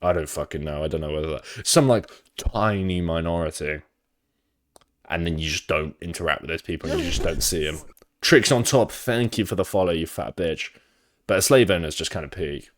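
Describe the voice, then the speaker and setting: Brief: deep-voiced Midlands English man, rambling, sweary live-stream reaction chatter. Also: a little fast. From England, Midlands. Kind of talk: casual live reaction chat.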